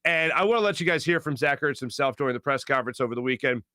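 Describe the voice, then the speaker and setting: A man's voice: medium pitch, animated, racing, pushed and bright, dry recording, clean studio sound. A man from the Philadelphia area hosting a sports talk show, speaking earnestly and emphatically about his city. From Philadelphia area, USA. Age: adult with young children.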